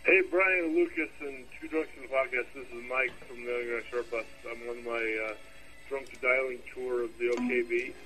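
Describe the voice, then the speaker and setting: A man's voice: mid-range voice, steady tone, moderate pace, bright, forceful tone, poor audio. Drunk man rambling in a phone message. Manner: rambling, loses his train of thought. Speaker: caller leaving a voice message.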